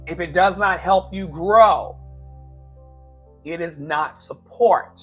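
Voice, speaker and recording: A man coaching his listeners in a live motivational talk, repeating key lines slowly for emphasis and calling them beloved. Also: on the high side, fairly bright tone, breathy edge, faint music behind, rough recording. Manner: emphatic, slow repetitions for effect. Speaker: life coach and show host.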